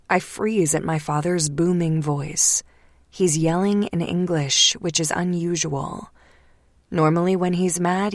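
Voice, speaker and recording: A woman reading a first-person romance audiobook, hushed and slipping into whispers at tense moments. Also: low voice, no echo, clean studio sound. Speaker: audiobook narrator.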